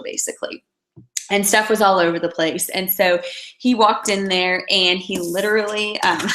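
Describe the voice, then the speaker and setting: A young woman giving a casual motivational talk as a team leader, telling stories in a chatty way with many fillers. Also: mid-range voice. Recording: roomy echo.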